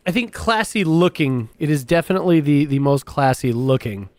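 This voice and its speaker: Man streamer, casual chat, fairly high pitch, dry close sound, rambling and self-interrupting. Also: expressive, normal speed, few pauses, darkish tone, no room sound. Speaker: streamer host.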